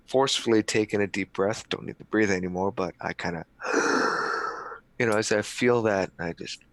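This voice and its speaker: A man playing a tabletop roleplaying game, describing his vampire character's actions in a halting, hesitant way with many restarts. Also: lowish voice. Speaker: tabletop player.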